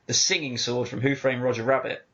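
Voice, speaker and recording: A man co-hosting a casual podcast chat, talking with excited enthusiasm. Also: mid-range voice, a little fast, lo-fi sound. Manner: excitable, enthusiastic film fan. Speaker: podcast co-host.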